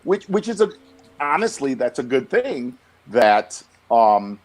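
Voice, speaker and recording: With a mid-range voice and a slow pace, this middle-aged guest speaks bluntly and with animation on a casual podcast. Lots of restarts and stammered repeats run through what he says.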